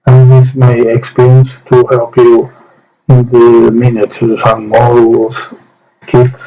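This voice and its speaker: Halting slow man. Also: medium pitch, completely flat delivery. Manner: halting, short phrases with pauses. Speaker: miniature painting hobbyist. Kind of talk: slow hands-on painting demo. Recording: dull lo-fi sound with soft music.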